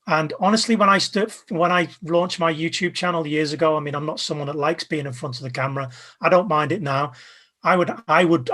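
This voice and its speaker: A man being interviewed as a guest, giving casual advice with an energetic, emphatic coaching tone. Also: a little high. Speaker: guest, video creator.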